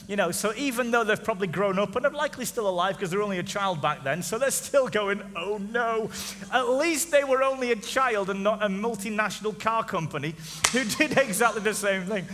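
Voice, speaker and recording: Bright, high-voiced man preaching with jokes. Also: animated, fairly quick. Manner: jokey, teasing, asks the crowd questions. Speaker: pastor. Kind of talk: comedic sermon. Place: church auditorium. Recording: reverberant church hall.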